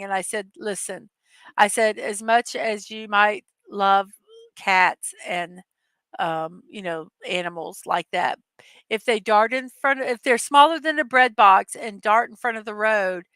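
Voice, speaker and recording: Bright-voiced woman telling rambling stories. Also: a little high, no room sound. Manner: rambling storyteller, laughs often. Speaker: host. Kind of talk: casual livestream chat.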